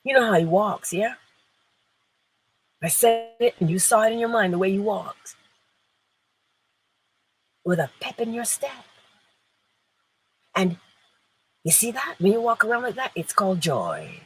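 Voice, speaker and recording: A woman's voice: on the high side, a little slow, long pauses, a little hiss or hum, rough recording. A woman hosting an inspirational morning livestream, playful and emphatic, laughing often and answering viewers in the chat. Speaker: livestream host.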